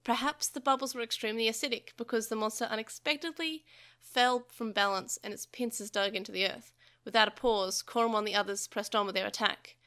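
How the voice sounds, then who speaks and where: A woman's voice: a little high, fairly even intonation, brisk, bright, forceful tone. A woman podcast host reading a translated novel aloud, expressively, with small slips.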